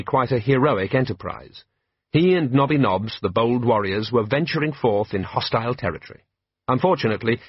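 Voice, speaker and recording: Brief: male audiobook narrator, wry, husky, dull dry sound. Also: mid-range voice, dry recording. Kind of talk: scripted narration.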